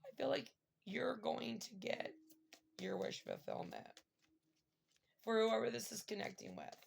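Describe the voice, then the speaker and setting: A woman's voice: on the high side, normal speed, gravelly, slight background noise. A woman giving a casual tarot reading to her viewers, emotional and rambling with many fillers. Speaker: tarot reader.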